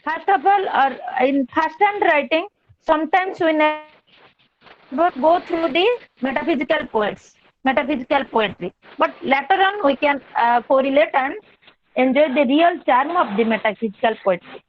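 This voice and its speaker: A woman giving an online class lecture, measured and explanatory, repeating key terms. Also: high voice, lively intonation, slight background noise. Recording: dull lo-fi online call audio.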